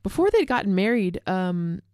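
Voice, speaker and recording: A woman's voice: mid-range voice, very animated, moderate pace, darkish tone, dry recording, clean studio sound. A woman chatting casually as a co-host, telling stories in a rambling way, correcting herself and using "like" and "dude" a lot. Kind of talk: casual chat.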